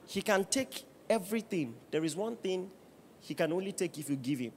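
High, lively preacher. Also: male voice, moderate pace, a little hiss or hum. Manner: animated preaching with rising shouts and bursts of laughter; asks the congregation rhetorical questions. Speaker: pastor. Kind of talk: sermon.

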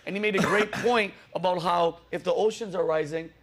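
A man hosting a comedy talk show, joking and cursing in a lively, animated way. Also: sits high, brisk. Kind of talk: casual comedic banter.

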